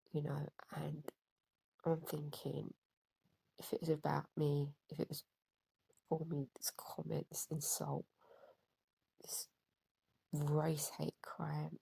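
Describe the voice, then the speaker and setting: Woman, low gravelly voice, husky, halting angry vlog rant. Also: dark tone, no echo, low-quality recording. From Britain. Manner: hesitant, stuttering, with many fillers. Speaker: vlogger.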